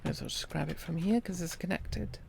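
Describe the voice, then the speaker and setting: Woman streamer, calm ambient-stream commentary, slightly creaky, faint background hiss. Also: on the low side, fairly quick. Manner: calm, thinking aloud while playing. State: hiccuping. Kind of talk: quiet gameplay commentary.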